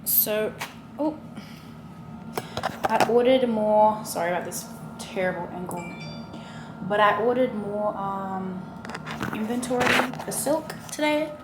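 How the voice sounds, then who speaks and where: A young woman in her twenties talks casually to her vlog camera, rambling from one thought to the next with plenty of fillers. She sometimes drops to a hush. Her voice sits mid-pitch over a noisy background. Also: takes it slowly, long pauses. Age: 20s. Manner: rambling, chatty, many fillers, sometimes hushed. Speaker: vlogger.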